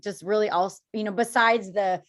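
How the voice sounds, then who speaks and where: A woman's voice: medium pitch, steady tone, a little fast. A woman from Minnesota hosting a podcast, upbeat and chatty as she asks her guests questions. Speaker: podcast host. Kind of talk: casual podcast conversation.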